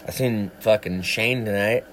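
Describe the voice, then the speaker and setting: Speaking with a fairly low pitch and a slightly slow pace, this livestream co-host chats casually and spins long, profane, rambling stories. There's slight background noise.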